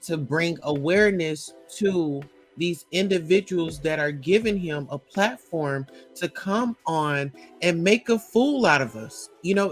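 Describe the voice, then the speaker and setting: A man's voice: a little high, fairly bright tone. A man hosting a live talk stream, commenting in a casual and earnest way. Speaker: livestream host.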